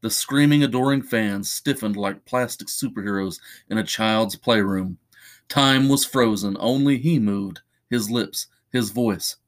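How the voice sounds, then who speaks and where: A man reading a horror short story aloud as a podcast narrator, in measured, steady storytelling. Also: lowish voice.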